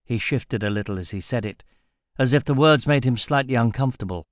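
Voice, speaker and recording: A man narrating a fantasy audiobook in a steady, even storytelling manner. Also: medium pitch, fairly quick, no room sound, studio quality.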